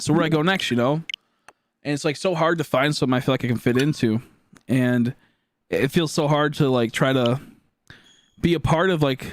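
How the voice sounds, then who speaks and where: Young male streamer, slightly high voice, rambling casual chat, swears freely, close and dry. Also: no echo. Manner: rambling, restarts often, swears when worked up.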